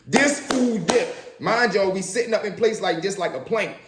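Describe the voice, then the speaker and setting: A man telling stories from his own life in a casual, animated way, acting out the voices of the people in them. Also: high voice, moderate pace, reverberant, background noise. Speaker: storyteller. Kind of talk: casual spoken storytelling.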